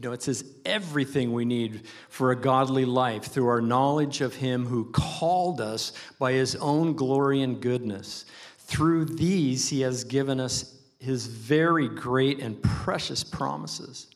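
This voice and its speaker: A man's voice: medium pitch, a little slow. A man preaching a sermon as pastor, earnest and emphatic, leaning on repetition.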